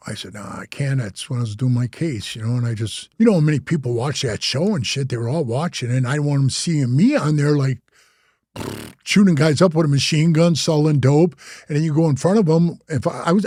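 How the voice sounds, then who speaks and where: A man's voice: a little high, warm tone, dry recording, clean studio sound. An older man telling stories in a casual interview, loose and profane, slipping into voices when he retells what people said. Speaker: interview guest.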